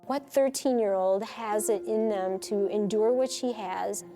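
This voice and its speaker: A woman's voice: medium pitch, a little slow, warm tone, faint music behind. A woman social worker speaking sincerely and reflectively in an interview.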